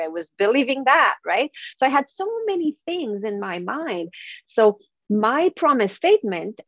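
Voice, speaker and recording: A woman from Quebec, a native French speaker and professional speaker, appears as a guest on a podcast interview, talking earnestly and eagerly in a French Canadian accent and laughing often. Her voice sits in the mid-range, and the recording is muffled with no room sound.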